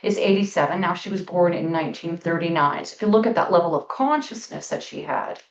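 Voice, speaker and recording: A middle-aged woman hosting a spiritual talk show, telling a story in a casual, emphatic way and stretching out key words slowly. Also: fairly low pitch, vocal fry, distant mic. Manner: storytelling, emphatic, with slow drawn-out stresses. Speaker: spiritual podcast host. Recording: echoey room, off-mic, dull sound.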